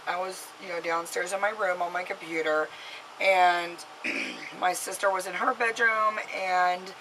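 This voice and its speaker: A woman's voice: fairly low pitch, pushed and bright, slight background noise, low-quality recording. A mother vlogging to camera, telling a story in a rambling way with many fillers and restarts and giving an earnest, scolding warning.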